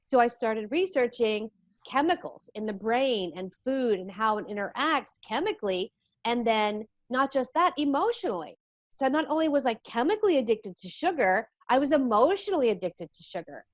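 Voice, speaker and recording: A woman guest in an interview, telling her story in a lively, animated way. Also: a little high, moderate pace, dry recording. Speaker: interview guest, addiction coach.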